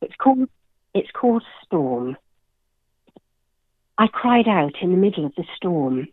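A woman, a therapist and author, speaking as an interview guest and reading her own poem in a gentle, measured way. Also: on the low side, animated, dry recording, phone-quality sound.

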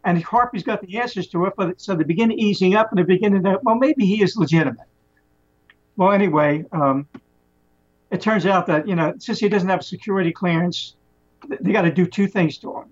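A man casually retelling a story plot in a rambling, animated way, often restarting his sentences. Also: sits high, fairly quick. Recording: muffled lo-fi recording.

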